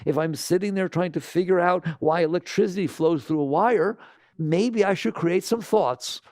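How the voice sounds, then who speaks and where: An older man giving an animated spiritual talk to an audience, asking rhetorical questions and acting out quoted voices. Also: high voice, moderate pace, no echo, clean studio sound. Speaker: spiritual teacher.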